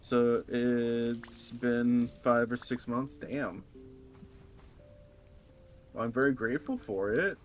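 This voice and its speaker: A relaxed man chatting while he plays and streams a game. He reads out viewer messages in an easy, friendly way, with a voice of medium pitch. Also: slow, pauses often, soft background music. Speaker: streamer and co-player. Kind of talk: casual chat while gaming.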